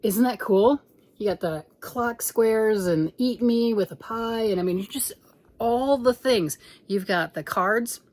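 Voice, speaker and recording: A middle-aged woman hosting a crochet channel, chatting excitedly at home while showing a blanket she is making, and sometimes dropping into a whisper. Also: fairly high pitch, a little slow. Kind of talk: casual show-and-tell chat.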